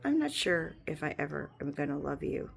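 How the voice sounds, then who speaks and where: Low, gravelly-voiced woman rambling on. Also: very animated, a little fast. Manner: rambling, drifting stream of thought. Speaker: live streamer. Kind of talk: casual rambling monologue.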